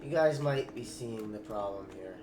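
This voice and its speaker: A man's voice: medium pitch, lively intonation, normal speed, very noisy. A man giving casual commentary while building in a game; he talks loosely, swears when he gets frustrated, then apologizes. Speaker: Minecraft server host. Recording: echoey room, loud background music.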